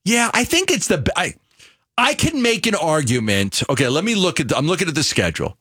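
A man's voice: on the high side, sing-song, brisk, fairly bright tone, slightly rough. A man with a New York accent co-hosting a sports radio show, talking in a rambling, restart-filled way. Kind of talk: casual sports talk. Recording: radio studio mic.

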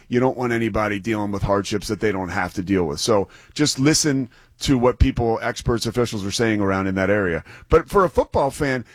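A man's voice: medium pitch, no echo. A man who is a play-by-play broadcaster, co-hosting a sports talk show in an enthusiastic, rambling, self-deprecating way. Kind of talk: sports talk radio banter.

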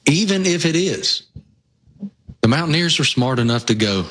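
A man's voice: fairly high pitch, lively intonation, normal speed, fairly bright tone. A man with a Southwest Virginia accent, co-hosting a casual sports chat and telling rambling, folksy stories. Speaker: co-host.

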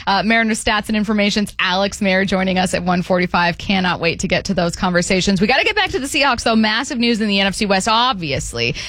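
A woman's voice: mid-range voice, lively intonation, fast, hardly any pauses, fairly bright tone, no room sound. A woman hosting a sports radio show from a studio, talking in a chatty, bubbly way. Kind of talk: casual sports talk. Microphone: studio mic.

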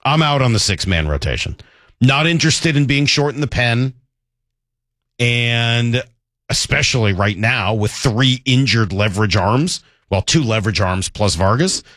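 A man's voice: medium pitch, lively intonation, unhurried, a bit bright, no echo, studio quality. A man hosting a sports talk radio show, talking in a conversational, self-deprecating way with frequent restarts.

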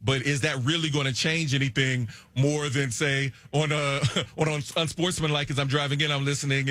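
A man's voice: medium pitch, fairly bright tone, no echo. A man talking sports casually, rambling with many restarts.

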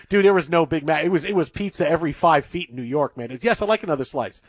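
A male sports talk host from the Detroit area, chatting in animated, rambling banter that repeats itself. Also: on the high side, quick pace, no room sound, studio quality. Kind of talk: casual banter.

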